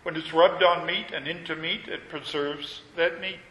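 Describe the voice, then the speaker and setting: A man preaching a sermon, measured and emphatic, leaning on repetition. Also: fairly high pitch, steady tone, a bit bright. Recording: echoey hall with long reverb.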